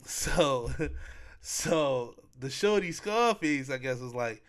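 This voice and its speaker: Speaking slowly at a medium pitch, this podcast host walks through events in easygoing chat. He's full of heavy slang and animated as he performs people's quotes.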